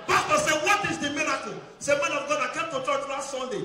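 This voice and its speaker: A man with a Nigerian accent doing stand-up comedy in preacher-style cadences, shouting out to a campus crowd. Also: very high voice, fairly even intonation, fast talker, background noise. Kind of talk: stand-up comedy with pastor impressions. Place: campus event hall with cheering crowd. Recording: roomy hall, distant mic, loud crowd.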